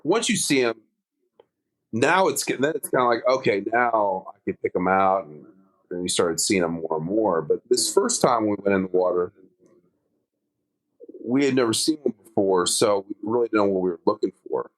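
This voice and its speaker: A man's voice: on the low side, expressive, normal speed, poor audio. A man, an underwater photographer, telling a diving story in a casual interview, acting out his own quoted dialogue with many restarts.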